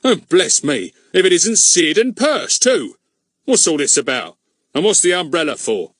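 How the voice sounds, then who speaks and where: A man's voice: fairly high pitch, big pitch swings, normal speed, no room sound, studio quality, pitched above the performer's own voice. Man doing a blustering, bad-tempered policeman. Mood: angry blustering. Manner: blustering, shouting. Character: burly red-faced village policeman, bad-tempered.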